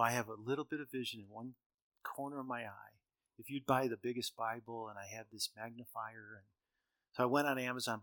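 A middle-aged man tells stories from the stage in a bright, forceful voice, easy and conversational. He slips into the lines of the people he quotes and chuckles at his own jokes. The sound is dry and close, with little room around it. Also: mid-range voice, no room sound. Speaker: speaker. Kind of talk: humorous storytelling talk.

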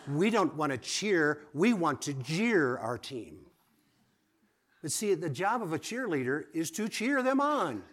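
Lively male preacher, swinging loud and soft. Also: fairly high pitch, measured pace. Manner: lively, rising to exclamations and dropping to quiet asides; asks the audience direct questions. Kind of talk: sermon.

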